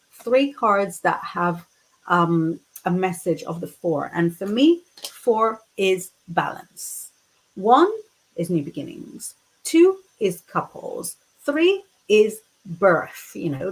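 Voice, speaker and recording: A woman's voice: lowish voice, very animated, slow, breathy edge, poor audio. A woman from the UK in her fifties, a psychic tarot reader chatting casually on a livestream and reading viewer comments aloud.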